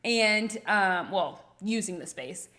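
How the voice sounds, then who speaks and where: A woman co-hosts a relaxed livestream, talking in a friendly, upbeat way. Her voice sits at an ordinary middle pitch as she walks through plans and news. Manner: friendly, upbeat, quick to laugh. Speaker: co-host of a couple's livestream. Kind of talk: casual live chat.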